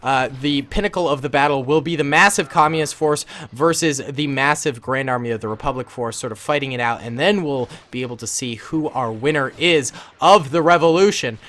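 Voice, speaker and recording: A man's voice: medium pitch, fairly quick, few pauses, fairly bright tone. A man casually commentating a battle simulation game in a laid-back, enthusiastic way, with plenty of ums.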